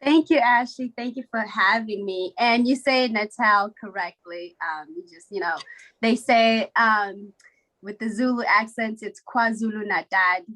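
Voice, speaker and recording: A woman's voice: fairly high pitch, measured pace, a bit bright, poor audio. A young woman from South Africa, a podcast guest who talks chattily with fillers and easy laughter. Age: young adult. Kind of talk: casual interview.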